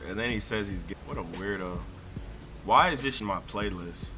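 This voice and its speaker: A young man giving profane, excitable live commentary while playing a video game, ranting and breaking into sudden shouts. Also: fairly low pitch, normal speed, over music. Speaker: gaming streamer.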